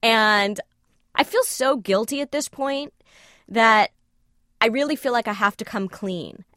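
A woman telling a personal story in conversation, animated and self-questioning, acting out the dialogue she quotes. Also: a little high, measured pace, no echo, studio quality. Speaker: storyteller guest.

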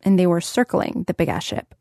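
A woman hosting and reporting, narrating a scripted story in a clear, conversational way. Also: fairly low pitch, very animated, brisk, warm tone, dry recording. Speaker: host and reporter. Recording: dry studio sound.

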